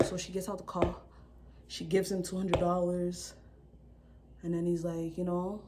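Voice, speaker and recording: A young woman vlogger telling a story in a casual, slangy, animated way, acting out the people in it. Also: lowish voice, a little fast, noisy background.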